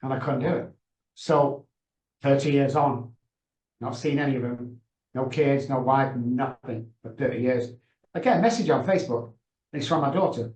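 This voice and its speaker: A man's voice: medium pitch, normal speed, darkish tone. Middle-aged man, emphatic, passionate storytelling, video call, echoey room. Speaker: guest, addiction consultant. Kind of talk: emotional storytelling. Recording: roomy echo.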